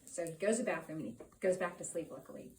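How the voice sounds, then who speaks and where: A middle-aged woman telling a personal story to a live audience, lively, acting out the people and sounds in it. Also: sits low, fast talker, gravelly, a little hiss or hum. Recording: roomy sound from a distant mic.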